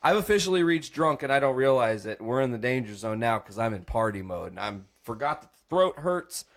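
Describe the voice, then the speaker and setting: A man's voice: medium pitch, animated, normal speed. A young man on a podcast telling a rowdy story, swearing and acting out voices as he goes. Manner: acts out voices, swears freely, laughs often. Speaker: podcast host. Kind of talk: animated storytelling on a comedy podcast.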